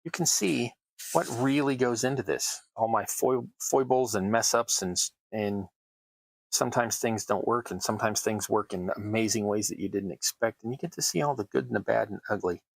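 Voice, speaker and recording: A man's voice: fairly low pitch, normal speed, vocal fry, dry recording, low-quality recording. A man hosting a crafting livestream, chatting casually while he works, with wry, self-deprecating asides. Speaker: terrain crafting livestream host.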